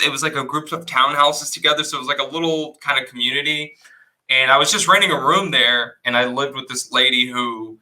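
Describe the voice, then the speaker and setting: A man's voice: mid-range voice, low-quality recording. A young man from Texas, a comedian guest on a podcast, telling a casual story with laughs and acted-out voices. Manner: animated storyteller, laughs often, acts out voices.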